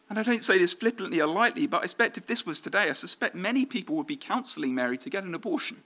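Bright-voiced man preaching a sermon. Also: high voice, lively intonation, racing, few pauses. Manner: conversational with fillers and restarts.

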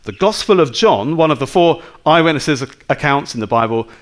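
A man's voice: fairly high pitch, lively intonation, fairly quick. A man preaching a sermon in a conversational way, full of rhetorical questions to his listeners.

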